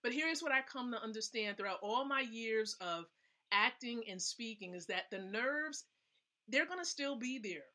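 A woman's fairly high, pushed and bright voice, with lively intonation at a moderate pace, leads a casual live stream she's hosting. She chats emphatically through her tips and frequently asks the audience questions.

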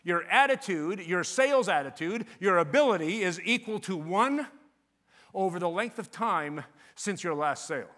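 An older man giving a live conference talk on sales, animated and joking as he tells stories. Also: high voice, normal speed, in a large hall. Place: conference venue.

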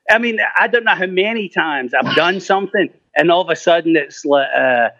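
A man's voice: on the high side, lively intonation, brisk, pushed and bright, lo-fi sound. A man from Scotland, a rock singer as interview guest, chatting casually in a rambling, self-deprecating way with plenty of swearing.

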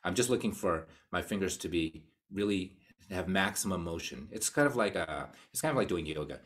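Low, husky-voiced man teaching cello. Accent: American. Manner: casual, explanatory, counts beats aloud. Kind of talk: live online masterclass talk.

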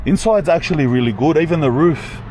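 A man's voice: on the high side, lively intonation, brisk, noisy background. A young man, chatting casually and slangily as a vlogger at an outdoor car yard, thinking aloud as he goes. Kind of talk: casual vlog chat.

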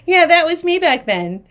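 Woman, live-auction host, casual chat, storyteller who acts out quotes, mutters asides. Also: very high voice. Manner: chatty, acts out quoted people in a lively way. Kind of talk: live shopping stream, chatty.

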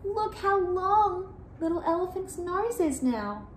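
A woman reading a picture book aloud to children, animated and asking the listener questions. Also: extremely high pitch, takes it slowly, echoey room, slight background noise. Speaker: children's storyteller.

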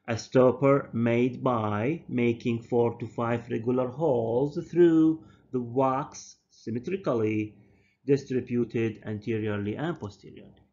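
A man, a native Arabic speaker, giving a university dental lecture slowly and deliberately, often repeating and correcting his terms. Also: medium pitch, warm tone. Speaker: dental professor. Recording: dull lo-fi lecture recording.

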